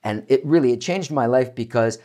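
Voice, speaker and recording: A man teaching vocal warm-ups as a voice coach, with an energetic, demonstrative coaching manner. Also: mid-range voice, a little fast. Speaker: voice coach and keynote speaker. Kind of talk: instructional talk to camera.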